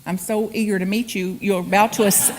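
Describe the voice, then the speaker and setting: A woman's voice: medium pitch, fairly even intonation, brisk, slight background noise. A woman guest speaker giving a humorous spiritual sermon in a church, acting out quotes and laughing often. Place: church sanctuary.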